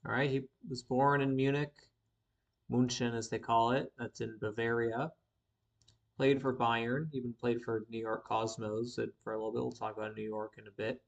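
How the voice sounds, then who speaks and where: A man's voice: medium pitch, little pitch movement, normal speed, gravelly, dull audio. A young man hosting a live stream in a casual, rambling way, with a slight lisp, correcting himself as he goes. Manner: rambling, self-correcting, thinks aloud while reading from screen. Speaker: sports commentator host.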